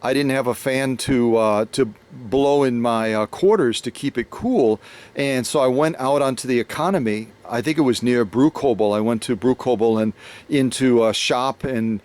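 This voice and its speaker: An American man hosts a relaxed chat, spinning a long anecdote in an easygoing, meandering way. He stops and restarts often, padding his sentences with fillers. His voice sits at an ordinary middle pitch. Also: moderate pace, clear, resonant tone. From United States. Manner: rambling, many fillers and restarts. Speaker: host, sewing machine restorer. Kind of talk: casual storytelling conversation.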